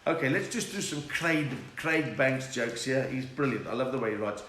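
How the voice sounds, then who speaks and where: A man's voice: mid-range voice, moderate pace, a bit bright. A middle-aged man, hosting a casual live stream and greeting viewers by name with jokes. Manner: chatty, reads out viewer names and greetings, jokey. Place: room at home. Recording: roomy echo with faint noise.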